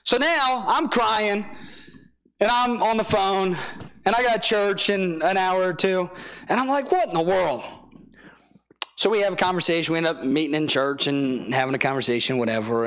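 A man's voice: on the high side, fairly bright tone. A young man preaching a sermon in a church, telling a story with acted-out quotes.

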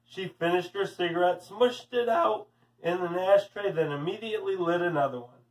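A man's voice: high voice, normal speed, far from the mic, poor audio. A man, a teacher, reading a storybook aloud to children in a friendly way. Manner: friendly, addressing kids.

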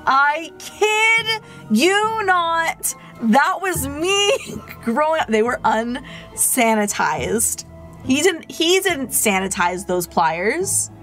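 A higher-voiced woman chats with her viewers over a game, taking her time and telling stories with animated energy. Soft music plays faintly underneath her voice. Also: slow. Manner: chatty, animated storyteller talking to chat. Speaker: game streamer. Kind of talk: casual gameplay chat.

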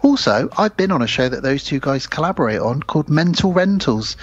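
A man's voice: on the high side, expressive, a little fast, slightly rough, no room sound. A man hosting a horror film podcast, chatting casually and rambling a little at his own expense. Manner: chatty, rambling, self-deprecating. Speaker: podcast host. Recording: slightly dull lo-fi sound.

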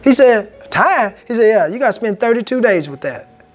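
Lively-pitched pastor preaching a sermon. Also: male voice, moderate pace, soft background music. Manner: call-and-response, asks congregation "Amen?". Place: church sanctuary.

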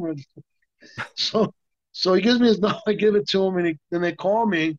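Older man telling profane stories, slightly high voice. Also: normal speed, dry recording. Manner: animated, profane, full of restarts and laughs. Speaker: interview guest, stuntman and actor. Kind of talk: casual storytelling interview. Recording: muffled, dry sound.

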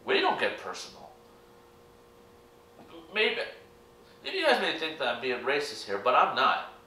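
A man's voice: mid-range voice, huge pitch swings, measured pace, pushed and bright, slight background noise. A young American man giving a rambling, earnest opinion vlog to his channel's viewers. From United States. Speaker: YouTube reaction vlogger. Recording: echoey room, distant mic.

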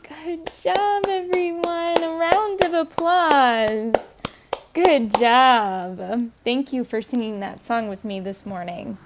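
A woman's voice: high voice, slow pace, noisy background. A young woman leading children's story time, coaxing little ones to repeat simple words and sounding them out letter by letter in a sing-song way. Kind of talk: teaching toddlers words.

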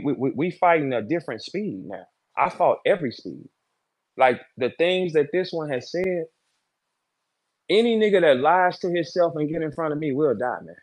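Fiery, profane battle rapper ranting. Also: male voice. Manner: fiery, profane, repeats short lines, swings from loud to low. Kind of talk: heated Twitter Spaces rant.

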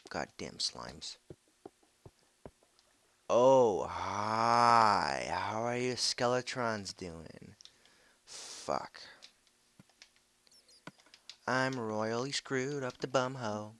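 A man giving casual commentary while playing a game, swearing freely, shouting at monsters and muttering to himself. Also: medium pitch, very slow, long pauses, no room sound. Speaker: video host.

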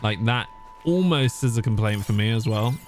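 A man's voice: fairly low pitch, lively intonation, normal speed, over music. A man streaming a video game live, chatting casually with his viewers, swearing and laughing as he plays. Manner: chatty, swearing, laughing, reading chat aloud. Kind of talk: casual gameplay commentary.

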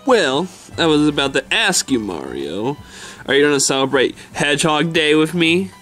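A man's voice: fairly high pitch, sing-song, normal speed, fairly bright tone, soft background music. A man voicing a brash, lazy cartoon hedgehog who brags and talks in slang. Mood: insistent. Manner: slangy, boastful, dismissive. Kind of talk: toy stop-motion fan skit voice.

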